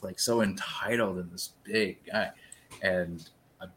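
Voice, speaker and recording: A man's voice: low voice, normal speed, slight background noise. A man casually telling a long story, rambling and swearing freely as he acts out the scene. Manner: rambling, profane, lively retelling.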